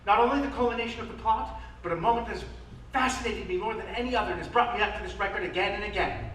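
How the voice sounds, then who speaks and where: Man as confiding musical fan, high, animated, echoey stage, far from mic, noisy. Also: very fast. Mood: eager. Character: wistful middle-aged male musical fan narrating. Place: theater stage.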